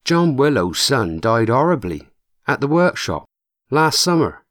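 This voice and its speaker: A man plays an anxious, eager young apprentice lad from Suffolk, his vowels drawn long and broad. The voice sits higher than a usual man's talk and swings widely in pitch. The audiobook recording is close and dry. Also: very animated, a little slow, a bit bright, no echo.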